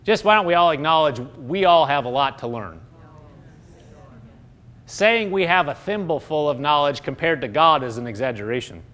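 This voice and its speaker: A man's voice: fairly high pitch, expressive, moderate pace, fairly bright tone. A middle-aged man preaching a sermon, emphatic and building into fervent quoted prayers.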